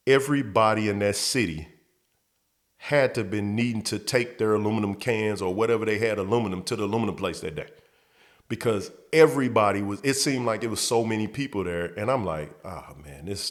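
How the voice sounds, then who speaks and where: A man's voice: fairly low pitch, brisk. A man hosting his show, telling a personal story in casual talk, repeating words and acting out quotes. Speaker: host.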